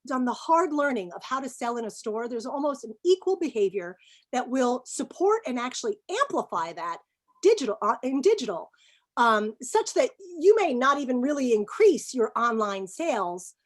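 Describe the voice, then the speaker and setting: With a fairly high pitch, a middle-aged woman guesting on a business webinar interview talks with strong emphasis, animated energy, and frequent laughter.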